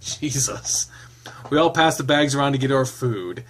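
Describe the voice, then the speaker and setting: A man's voice: mid-range voice, lively intonation, fairly quick, fairly bright tone. Casual man reading a game aloud. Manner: casual, laughs often, rambling asides. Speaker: game streamer. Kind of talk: reading a visual novel aloud with commentary.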